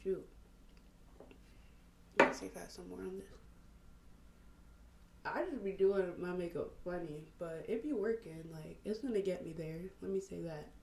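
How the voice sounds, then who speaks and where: Lively young woman chatting while doing makeup. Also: fairly low pitch, vocal fry, echoey room, noisy background. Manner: animated, laughing storyteller, drawn-out exclamations. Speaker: podcast host. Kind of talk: casual get-ready-with-me chat.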